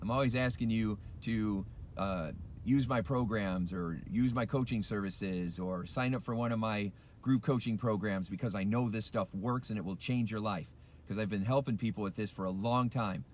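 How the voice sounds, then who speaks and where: A man's voice: on the low side, moderate pace, a little mellow, slight background noise. Passionate middle-aged man ranting in a car. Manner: passionate, emphatic, repeats key phrases. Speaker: life coach and hypnotist. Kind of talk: motivational rant. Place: in a car at a red light.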